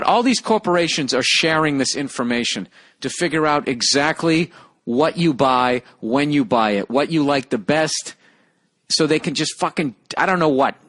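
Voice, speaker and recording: A man's voice: on the high side, fairly bright tone. A man hosting a solo podcast, reading listener mail aloud and ranting with heavy swearing and sarcasm from a hotel room on a single microphone. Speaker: podcast host.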